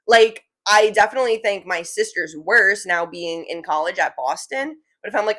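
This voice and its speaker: A woman's voice: medium pitch, expressive, quick pace, hardly any pauses, pushed and bright. Young woman, New Jersey accent, casual rambling vlog chat, lots of fillers. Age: young adult. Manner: chatty, rambling, self-correcting with lots of "like". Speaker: vlogger.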